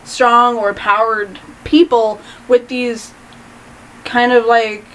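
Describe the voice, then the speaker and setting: High-voiced woman chatting opinionatedly. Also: level tone, slow, a bit bright, poor audio. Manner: chatty, opinionated, trails off into hedges. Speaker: co-host. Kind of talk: casual chat.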